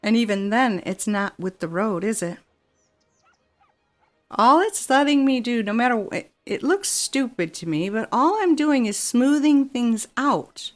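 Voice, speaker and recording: A woman's voice: fairly high pitch, expressive, a little slow, faint music behind. Exasperated woman grumbling through a city game. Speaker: game streamer. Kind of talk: gameplay commentary.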